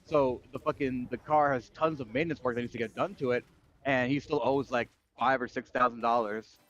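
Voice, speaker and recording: A fast-talking man rants through a story on a livestream, swearing freely in loose casual chat. His voice comes through a dull, lo-fi mic. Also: mid-range voice, fairly even intonation, fairly bright tone, soft background music. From United States. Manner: profane ranting storytelling. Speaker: streamer.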